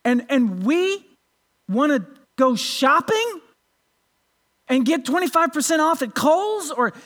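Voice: high-pitched, big pitch swings, takes it slowly, fairly bright tone. A pastor giving a sermon in an earnest way, often restarting words and asking rhetorical questions.

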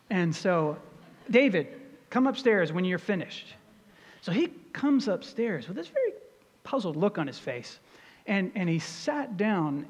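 A middle-aged man preaching a sermon as pastor, earnest and storytelling, rising in pitch and volume for emphasis. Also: a little mellow, in a large hall.

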